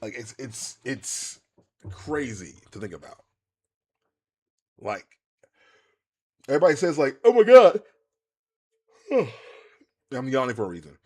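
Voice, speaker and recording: A man, chatting casually to viewers while streaming a game, rambling and animated with many restarts. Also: medium pitch, measured pace, long pauses, breathy edge. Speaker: gaming streamer. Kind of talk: casual live-stream chat while playing.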